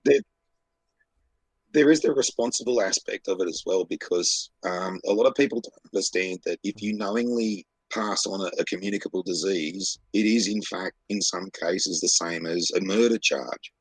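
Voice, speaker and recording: A man's voice: sits low, normal speed, husky, no room sound, poor audio. A man with an Australian accent co-hosting a podcast in casual chat, blunt, profane and rambling as he tells stories. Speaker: podcast co-host.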